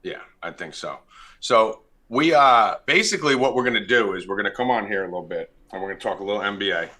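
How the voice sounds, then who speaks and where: A young man hosting a casual sports betting podcast, brash and profane, loudly ribbing his co-hosts. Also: on the low side, fast talker. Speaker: podcast host.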